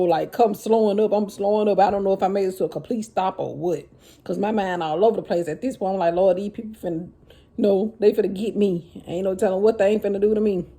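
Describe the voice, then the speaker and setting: A woman telling her own story to viewers in a casual, animated vlog. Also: medium pitch. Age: adult with children. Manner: animated, addresses viewers as y'all, Southern US vernacular.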